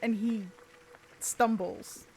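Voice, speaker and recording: A woman's voice: fairly high pitch, steady tone, drawn-out words, a crowd in the background, rough recording. A woman narrating as the game master of a tabletop game, with hesitant, filler-heavy narration.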